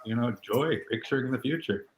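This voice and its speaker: A man co-hosting a talk show, answering in a soft, thoughtful way. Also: medium pitch, fairly quick, echoey room, noisy background. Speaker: co-host. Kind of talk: casual chat.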